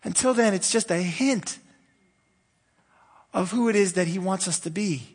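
A pastor with a high voice preaches a sermon in a conversational, unhurried way, swinging between fervent bursts and quiet, hushed stretches. There's a breathy edge to his voice, which rings out in a hall with a long reverb.

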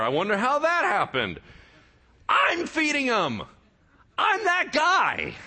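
A preacher voicing a teasing, boastful God. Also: male voice, extremely high pitch, pitched above the performer's own voice, full character voice. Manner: playful, mocking, shouting exclamations. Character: teasing, boastful all-knowing male creator God.

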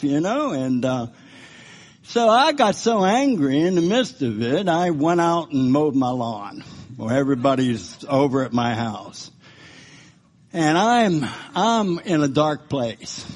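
A man preaching, sharing his own life story as a testimony, by turns animated and quietly subdued. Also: a little high, measured pace. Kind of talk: personal testimony sermon.

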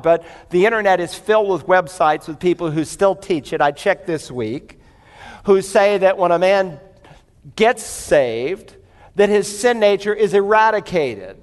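A man's voice: sits high, in a large hall. A man preaching a sermon, telling a story and then working through verses in an emphatic, conversational way. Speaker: pastor.

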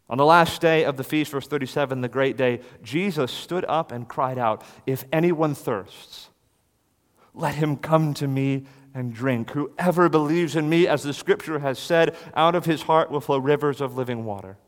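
Male preacher, mid-pitched, dramatic loud-soft delivery, long hall reverb. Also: normal speed. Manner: dramatic swings from loud to hushed. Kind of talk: expository sermon.

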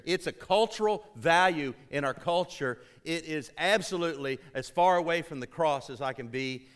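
A man preaching a sermon to his congregation, emphatic, rising to urgent peaks and dropping low, calling out for responses. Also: fairly bright tone, clear, resonant tone. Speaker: pastor.

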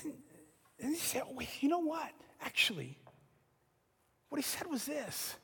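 A man preaching a sermon, telling the story dramatically and acting out the voices, building to shouts. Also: extremely high pitch, sing-song, a little slow, creaky, long reverb tail. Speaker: pastor.

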